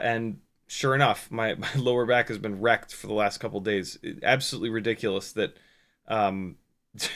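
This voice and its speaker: Bright-voiced man chatting on a stream. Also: mid-range voice. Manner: rambling, self-mocking, frequent restarts. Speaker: streamer reading chat. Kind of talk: casual live-stream chat. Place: home workshop at a workbench.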